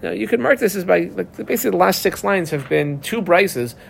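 A man's voice: high-pitched, expressive, a little fast, gravelly, slight background noise. Casual man teaching a Talmud page. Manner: explains text mixing Aramaic terms with casual English asides. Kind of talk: daf yomi Talmud lesson.

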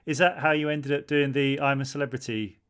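A podcast interviewer asking relaxed follow-up questions in a supportive way. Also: mid-range voice, brisk, clean tone. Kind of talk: conversational interviewing.

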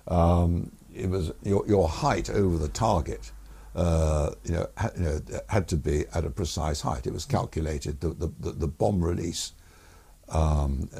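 In a low, mellow, husky voice with vocal fry, a former air force pilot, now an older man, shares stories during a podcast interview. He tells them in a hesitant, meandering way.

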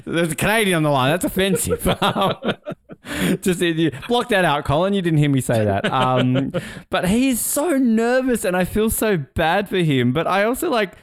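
Man, podcast co-host, swings his pitch a lot, dry close sound, swears and jokes. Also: normal speed, no echo. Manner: animated, swearing, laughing, mimicking speakers. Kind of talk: casual podcast chat.

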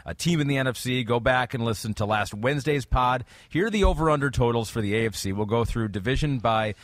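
A man's voice: medium pitch, quick pace, no room sound, studio quality. A man co-hosting a sports podcast in casual chat, easygoing and full of fillers. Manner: easygoing, many fillers like "like" and "you know". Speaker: podcast co-host.

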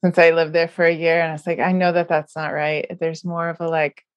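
A woman's voice: sits low, flat delivery, brisk, smooth, no echo. A woman from the United States hosting a podcast, chatting casually and laughing often. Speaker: podcast host.

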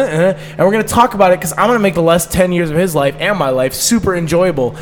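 A man's voice: on the high side, rapid-fire, few pauses, a little hiss or hum. A man co-hosting a casual podcast chat, swearing and laughing as he argues his point. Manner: animated, swearing, laughs often. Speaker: podcast co-host. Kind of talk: casual group banter.

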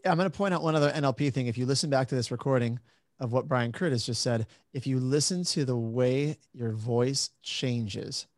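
A male host cutting in with an eager, quick explanation. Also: medium pitch, darkish tone, dry recording, studio quality. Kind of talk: podcast commentary.

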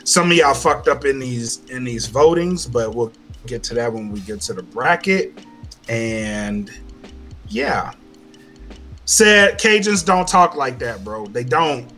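A man's voice: mid-range voice, animated, slow pace, pushed and bright, soft background music. A man from Louisiana with a Louisiana accent, co-hosting a casual podcast and ranting with heavy profanity and lots of repeated phrases. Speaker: podcast co-host.

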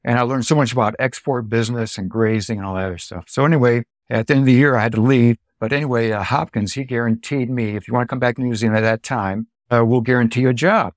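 A man's voice: medium pitch, fast talker, hardly any pauses, no room sound, studio quality. A man in his seventies from Illinois, a dairy farmer telling stories from his life, acting out the quoted voices. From Illinois, United States. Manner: animated storyteller, acts out quoted dialogue. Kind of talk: storytelling interview.

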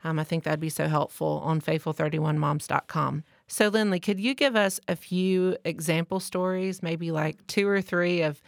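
Low gravelly woman hosting a podcast. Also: steady tone, normal speed, few pauses, no echo, studio quality. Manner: warm and affirming, asks long questions. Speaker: podcast host. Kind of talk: interview hosting.

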